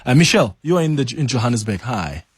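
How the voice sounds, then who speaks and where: A man's voice: mid-range voice, sing-song, fast talker, slightly rough, dry recording, clean studio sound. A South African man hosting a talk radio call-in show, conversational and affirming as he moderates callers. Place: radio studio.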